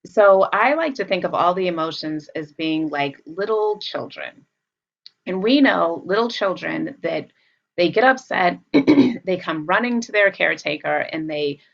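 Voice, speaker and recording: A woman psychologist with a low, gravelly voice explains things calmly and patiently, reaching for everyday examples. The recording is muffled and lo-fi. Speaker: psychologist guest. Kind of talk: casual conversational explanation.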